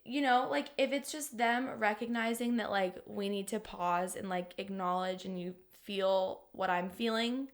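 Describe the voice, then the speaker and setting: A woman's voice: medium pitch, moderate pace, few pauses. A young adult woman co-hosting a podcast, telling personal stories in casual chat with lots of "like". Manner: chatty, emotional storytelling full of "like". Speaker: podcast co-host.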